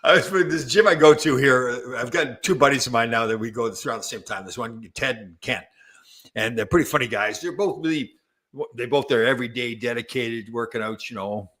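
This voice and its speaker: A man hosting a casual chat, telling stories in a halting, rambling way full of restarts and fillers. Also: mid-range voice, a bit bright. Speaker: podcast host.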